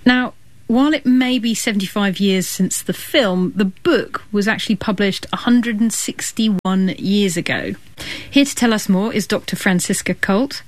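A woman's voice: medium pitch, no room sound. A woman hosting a radio science show, introducing segments and asking curious questions. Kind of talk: radio presenting and interviewing.

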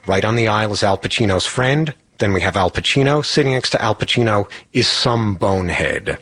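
A man's voice: on the low side, expressive, fairly quick, fairly bright tone. A man telling a personal story in a wry, self-mocking way. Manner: wry, self-mocking, acts out quoted voices.

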